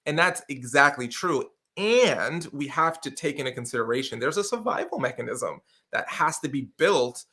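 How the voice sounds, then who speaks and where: A man with a bright, forceful voice tells stories as a guest on a talk show. He speaks with lively energy and explains his points with feeling. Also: mid-range voice, normal speed, hardly any pauses. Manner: energetic, expressive storyteller with many fillers and restarts. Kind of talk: casual conversational interview.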